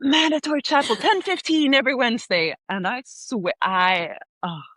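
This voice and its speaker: Slightly high-voiced and speaking at a normal pace, this young woman from Sweden comes through on a dry recording. She's a podcast guest on a remote call, animatedly telling stories in her Swedish accent, peppered with "like" and lots of laughter.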